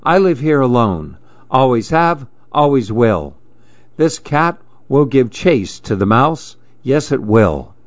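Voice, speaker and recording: A man's voice: medium pitch, big pitch swings, slow, dry recording, dull audio. A man voicing Billy McGill, a fussy reclusive boy. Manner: fussy, exclaiming. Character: grumpy reclusive boy who wants to be alone.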